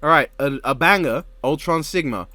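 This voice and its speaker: A man co-hosting a casual commentary chat, animated and swearing freely. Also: on the high side, moderate pace, no echo. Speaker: co-host.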